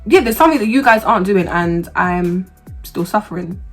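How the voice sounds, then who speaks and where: A woman's voice: mid-range voice, animated, normal speed, faint music behind. A woman vlogger telling a personal story in a casual, humorous, slangy way, getting heated as she relives the anger.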